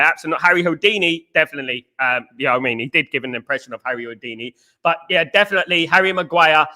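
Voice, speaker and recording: A man's voice: on the high side, quick pace, bright, forceful tone. A young Englishman hosting a live football chat stream, talking animatedly, repeating phrases and greeting viewers. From England. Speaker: host.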